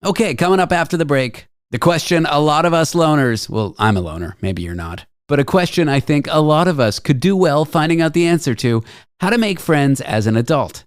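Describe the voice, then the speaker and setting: Sarcastic radio host, lively delivery. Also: male voice, on the high side, a little fast, smooth, no echo, clean studio sound. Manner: sarcastic, jokey. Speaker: radio talk show host. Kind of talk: comedic news monologue.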